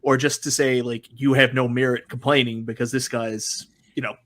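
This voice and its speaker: Measured man explaining on a podcast. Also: mid-range voice, flat delivery, a bit bright. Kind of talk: casual podcast chat.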